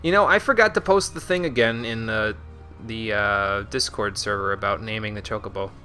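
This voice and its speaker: A man's voice: fairly low pitch, moderate pace, pushed and bright, soft background music. A young man streaming a video game, chatting casually and mumbling to himself as he plays. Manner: mumbles to himself, chuckles often. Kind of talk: casual gameplay commentary.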